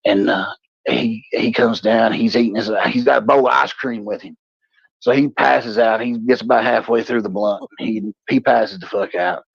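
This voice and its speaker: A gravelly, husky man in his forties tells a raunchy story with lots of swearing. He co-hosts a casual talk show, and the sound is dry and dull. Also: moderate pace, no echo. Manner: profane, animated storyteller, puts on high voices for quoted people. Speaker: podcast co-host.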